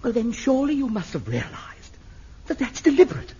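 A plummy, fussy theatre director. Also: male voice, extremely high pitch, huge pitch swings, a little fast, warm tone, slight background noise, full character voice. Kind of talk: sitcom acting. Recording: dull lo-fi old TV recording.

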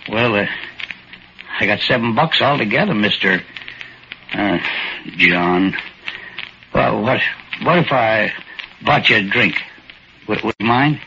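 A stammering, humble down-and-out. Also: male voice, fairly low pitch, lively intonation, slow pace, pauses often, noisy background. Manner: stammering, hesitant. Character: timid down-and-out man, humble and grateful. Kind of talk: 1940s radio acting. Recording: dull old radio recording.

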